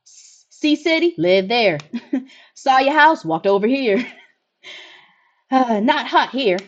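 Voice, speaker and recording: A woman's voice: sits high, expressive, takes it slowly, highs cut off, voice pushed up. A woman voicing a strange, pushy female visitor who is not human and speaks in blunt, broken English. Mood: creepy.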